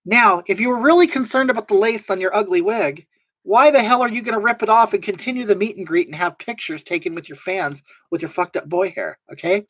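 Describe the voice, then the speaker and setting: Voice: brisk, fairly bright tone, no room sound, low-quality recording. A drag performer hosting a casual livestream, reading viewer comments aloud and telling blunt backstage gossip. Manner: gossipy, blunt storytelling with big swings in pitch.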